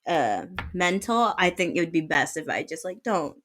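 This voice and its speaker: Joking, lively podcast woman. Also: fairly low pitch, moderate pace, a little hiss or hum. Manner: joking, laughs easily. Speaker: podcast co-host. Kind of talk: casual chat.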